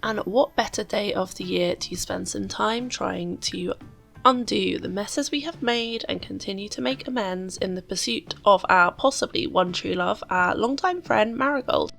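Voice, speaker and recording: A woman with a hoarse, croaky voice from being unwell, chatting casually as she narrates her gameplay. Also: mid-range voice, normal speed, fairly bright tone, soft background music. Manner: chatty, rambling with fillers. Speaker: let's-play host.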